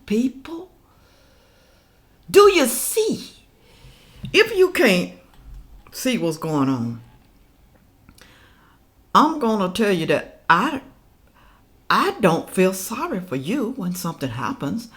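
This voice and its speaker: A woman ranting to her viewers in a vlog, scolding and preachy, swinging from loud outbursts to hushed asides. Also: a little high, huge pitch swings, slow, pauses often. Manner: preachy, scolding, addresses viewers as y'all and people. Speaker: political commentary vlogger. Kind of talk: casual reaction vlog rant.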